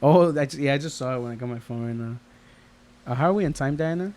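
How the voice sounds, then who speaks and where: A man's voice: medium pitch, fast, a little mellow. A man co-hosting a casual podcast chat, telling long rambling stories and acting out the voices of the people in them. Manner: rambling storyteller, acts out quoted voices. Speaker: podcast co-host.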